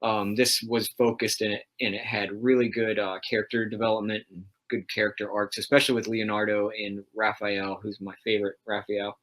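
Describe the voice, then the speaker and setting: A man's voice: fairly low pitch, level tone, fairly quick, few pauses, a bit bright. A man hosting a casual livestream chat, talking about comics in a rambling, enthusiastic way with lots of fillers. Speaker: host of a livestream.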